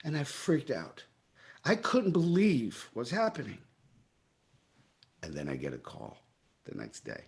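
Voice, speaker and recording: A middle-aged man with a New York accent, telling stories in an interview and acting out his own past dialogue with lively energy. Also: mid-range voice, measured pace, vocal fry, long pauses. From Brooklyn, New York. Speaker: guest. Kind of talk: storytelling in a casual interview.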